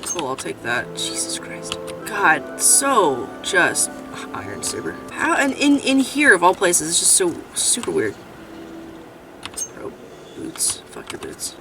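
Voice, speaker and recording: A woman giving casual, chatty commentary while playing a game, swearing freely and breaking into loud outrage. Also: on the low side, wildly swooping pitch, slow, vocal fry, far from the mic, over music. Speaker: gameplay commentator. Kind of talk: casual let's-play commentary.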